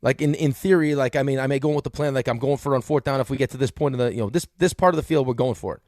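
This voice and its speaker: A man's voice: mid-range voice, darkish tone, no echo, clean studio sound. A man with a New York accent hosting sports radio, rambling through casual sports talk with lots of fillers. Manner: rapid, rambling with many fillers.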